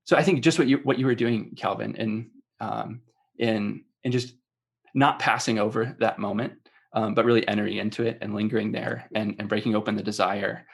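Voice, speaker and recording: A man's voice: fairly low pitch, steady tone, brisk, vocal fry, slightly rough. A man in his thirties, a father and podcast guest, speaking earnestly and hesitantly with many fillers. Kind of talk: casual podcast conversation.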